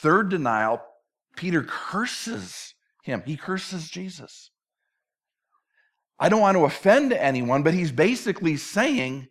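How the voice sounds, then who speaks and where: Conversational preacher with a fairly high voice. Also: male voice, very animated, slow pace. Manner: conversational verse-by-verse teaching with playful acted asides. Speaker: pastor. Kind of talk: sermon.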